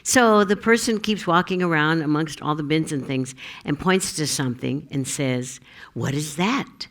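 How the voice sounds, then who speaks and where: A woman minister giving a Sunday sermon in a giggly, animated way, fond of jokes. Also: deep voice, moderate pace. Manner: giggly, joke-telling, animated.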